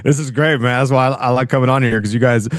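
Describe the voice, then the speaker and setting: A man as a podcast guest, speaking in a halting, agreeable way with many restarts. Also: mid-range voice, steady tone, dry recording, clean studio sound. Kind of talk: casual chat.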